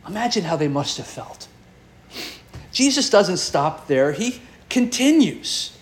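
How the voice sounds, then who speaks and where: A man preaching a sermon, delivering it expressively, his voice swinging up and down with dramatic pauses. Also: high voice, very animated, slight background noise. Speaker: pastor.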